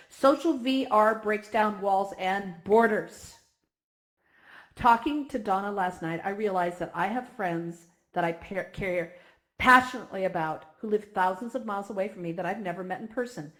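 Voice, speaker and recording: A woman speaking warmly and effusively to an online community gathering. She sounds emotional, at times near tears, and talks with lively animation. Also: mid-range voice. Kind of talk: heartfelt speech at a virtual reality gathering.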